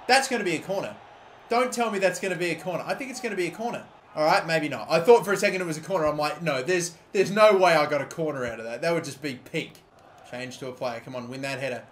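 A young man talks over his own football video game, his voice a touch high. He swings from chatty play-by-play to shouting and cursing when the match goes wrong. A faint steady noise sits under the recording. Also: fairly quick. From Australia. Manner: excitable, swears, shouts at the game. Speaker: gaming YouTuber. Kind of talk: live gameplay commentary.

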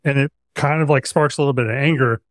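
A man's voice: medium pitch, quick pace, no room sound, studio quality. Rambling, profane male podcast host. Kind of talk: casual podcast chat.

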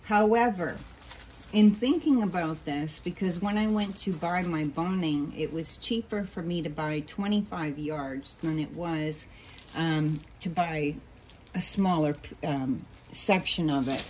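A woman's voice: low-pitched, a little slow, a little mellow, slight background noise, rough recording. Chatty woman teaching sewing at home. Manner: chatty and rambling, many ums and self-corrections. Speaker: sewing tutorial host. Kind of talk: casual home sewing tutorial. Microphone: camera mic.

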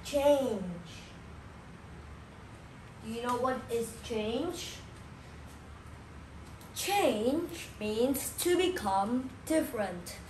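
A woman speaks very slowly as she teaches young children, saying each new word again and again and checking in with questions. Her voice sits a little high. The room is echoey, with a faint hum of ambience behind her. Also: expressive, a little mellow. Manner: repeats key words slowly, asks the listener questions. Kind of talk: slow classroom explanation for young children.

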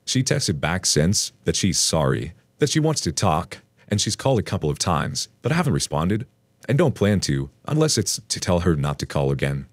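A man narrating a forum relationship story aloud in a wry, animated storytelling manner. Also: low voice, moderate pace, no echo. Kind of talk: scripted narration of a forum post.

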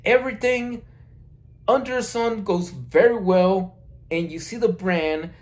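A vlogger in a casual rambling monologue, recorded on a phone, halting with many restarts and repeated words. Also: medium pitch, darkish tone.

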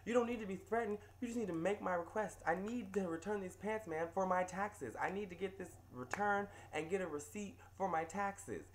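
A man voicing an agitated, belligerent male shoplifter who rants indignantly in a raised, higher voice. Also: normal speed, few pauses, slight background noise, lightly acted. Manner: indignant, ranting, higher and louder than the narrator.

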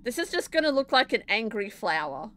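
A woman's voice: fairly high pitch, big pitch swings, a little fast, a bit bright. Chatty giggly Australian woman streamer. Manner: chatty and giggly, answering chat. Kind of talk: casual live-stream chat while gaming and drawing. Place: home streaming setup.

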